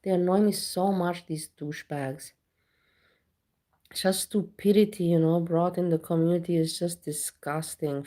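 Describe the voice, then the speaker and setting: A woman's voice: lowish voice, normal speed, dark tone. Blunt woman ranting on a live stream. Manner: blunt, swears and rants at viewers; talks straight to viewers. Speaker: livestreamer. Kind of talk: casual live stream chat.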